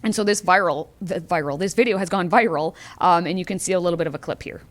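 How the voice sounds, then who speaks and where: A woman's voice: on the low side, fast talker. A woman co-hosting a political talk show, recounting stories with wry sarcasm.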